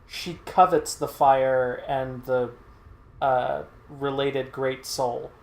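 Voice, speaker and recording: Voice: mid-range voice, little pitch movement, drawn-out words, creaky, darkish tone, reverberant. A let's play host casually recapping a game's story, full of fillers and hesitations. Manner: hesitant, many fillers, explains patiently.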